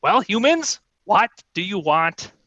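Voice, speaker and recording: An imperious, scolding little kobold queen, played by a man, raised a little in pitch with a bright, lively edge. She is haughty and quick to snap, and the sound is dry and close over a video call. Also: no echo, dull audio, heavily acted. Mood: scornful. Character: small, haughty, short-tempered kobold queen.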